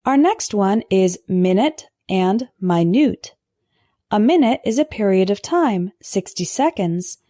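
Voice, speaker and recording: A woman teaching English vocabulary in a scripted lesson, pronouncing word pairs slowly and carefully for learners to repeat. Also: mid-range voice, animated, dark tone, no echo, clean studio sound. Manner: slow, careful pronunciation drills.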